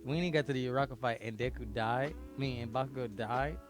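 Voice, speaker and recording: A young adult man co-hosting a podcast in casual chat, excitable and animated, often talking over his partner. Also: medium pitch, fast, music in the background. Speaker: podcast co-host.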